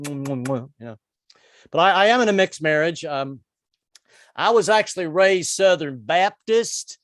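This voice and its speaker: A man's voice: fairly high pitch, lively intonation, unhurried, fairly bright tone, no echo. A man in his sixties doing a stand-up comedy set, rambling and self-deprecating with stammered restarts. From United States. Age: 60s.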